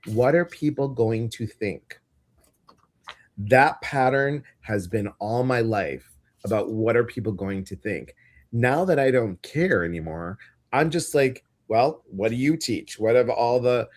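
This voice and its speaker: A man co-hosting a casual live-stream show, talking in a chatty, animated storytelling way. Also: medium pitch. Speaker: co-host of a live intuitive show.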